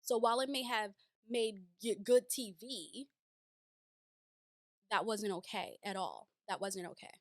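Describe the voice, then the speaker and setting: A woman's voice: mid-range voice, unhurried, long pauses, dry recording. A woman giving casual, emphatic reaction commentary on a reality show, with many rhetorical questions.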